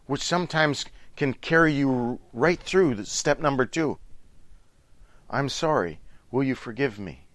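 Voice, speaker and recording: A man's voice: medium pitch, fairly bright tone, dry recording. A middle-aged man giving an earnest, instructive talk on relationships, coaching his listeners. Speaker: relationship speaker.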